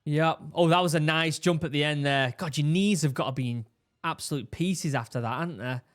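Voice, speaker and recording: A man, a former marine giving casual, animated commentary while reacting to a training video, often restarting his sentences. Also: fairly high pitch, brisk. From England. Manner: animated, exclaiming, with repeated restarts.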